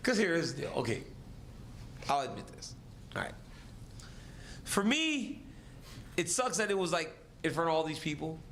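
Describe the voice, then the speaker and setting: A man's voice: fairly high pitch, moderate pace, pauses often, a little hiss or hum. A man, a fighter, casually telling a story, acting out the voices of the others and laughing along. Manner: animated, acts out the other voices and laughs between lines.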